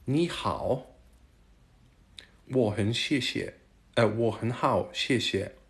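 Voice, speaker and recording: A man from Germany hosting a casual livestream, chatting with viewers and haltingly trying out Chinese phrases. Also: medium pitch, creaky. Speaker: livestream host. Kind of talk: casual live chat answering viewers.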